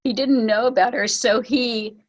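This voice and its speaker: A woman leading a spiritual online gathering, telling a story with lively acted-out quotes and laughs. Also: a little high, moderate pace, rough recording. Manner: animated, acts out quoted voices with laughs. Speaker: spiritual teacher and ceremony leader. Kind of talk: storytelling talk on an online call.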